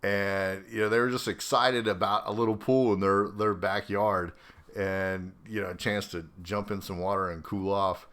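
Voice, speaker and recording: A middle-aged man, an army veteran hosting his own podcast, telling a story in a casual, animated way and laughing often. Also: fairly low pitch, moderate pace. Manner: animated, acts out quoted voices, laughs often.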